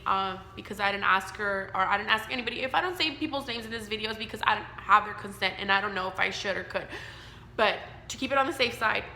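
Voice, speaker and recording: A woman's voice: medium pitch, pushed and bright, echoey room, slight background noise. A woman in her thirties telling her own story to camera, candid and emotional, rambling with fillers. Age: 30s. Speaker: vlogger.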